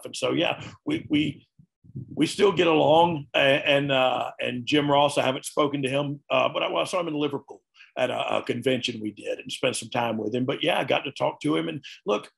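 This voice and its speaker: A man's voice: medium pitch, brisk, vocal fry. A man, talking candidly and earnestly as an interview guest. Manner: earnest, folksy, frequent "you know what I mean". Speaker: guest, retired wrestler.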